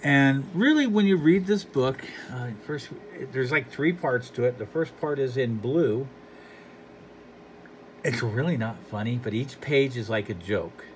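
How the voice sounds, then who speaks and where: A man's voice: mid-range voice, expressive, a little slow, a little hiss or hum. A man giving a casual, rambling commentary on a comic book, dry and unimpressed, with frequent fillers and trailing thoughts.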